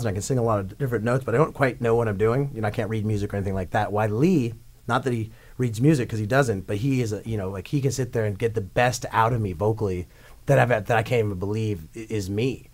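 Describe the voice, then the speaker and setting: Fast-talking rambling rock singer. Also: male voice, lowish voice. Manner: excitable, rambling, quotes others in voices. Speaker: rock singer, radio guest. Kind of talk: casual storytelling interview. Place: radio studio.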